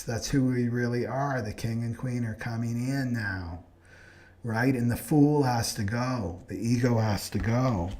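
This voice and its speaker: A man's voice: mid-range voice, darkish tone. A man teaching a live astrology class in an earnest spiritual tone, often checking in with the listener. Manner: earnest, keeps asking "right?". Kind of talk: live online class talk.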